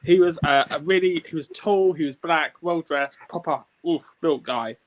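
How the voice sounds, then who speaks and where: A man's voice: on the high side, moderate pace, slight background noise. A British man co-hosting a podcast, chatting casually and restarting his sentences mid-thought. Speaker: podcast co-host. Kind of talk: casual chat.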